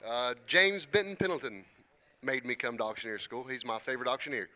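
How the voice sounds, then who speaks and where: A man's voice: medium pitch, sharp tone. Young man chanting bids. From Kentucky. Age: 20s. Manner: rhythmic rapid-fire chanting of bids. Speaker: student auctioneer. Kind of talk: auction bid-calling chant.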